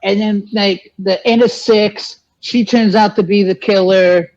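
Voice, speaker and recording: A man's voice: sits high, steady tone, measured pace, darkish tone. A man guesting in a casual movie chat, rambling through ideas and laughing at them. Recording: dull, lo-fi sound.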